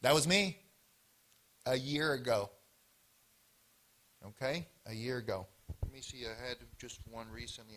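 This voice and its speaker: A man's voice: medium pitch, moderate pace, long pauses. A man giving an informal health seminar talk at a church event, storytelling with lots of expression and acted-out bits. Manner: animated storytelling with acted-out voices.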